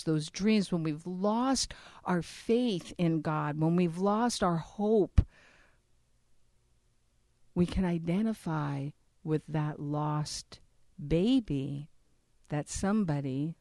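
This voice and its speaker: A woman's voice: lowish voice, dark tone, dry recording, clean studio sound. A woman speaking earnestly to a church audience about abortion recovery, often asking them questions. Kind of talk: conversational church talk.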